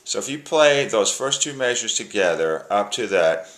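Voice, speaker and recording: A man's voice: on the low side, animated, normal speed, fairly bright tone. A man giving a casual instrument lesson, counting beats aloud and breaking the tune into phrases. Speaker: music teacher. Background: plucked string instrument playing.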